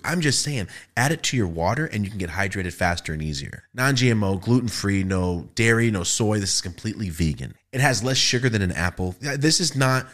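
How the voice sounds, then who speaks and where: A young man hosting a podcast, telling party stories in casual, profane, animated style. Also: lowish voice. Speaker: podcast host. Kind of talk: casual storytelling.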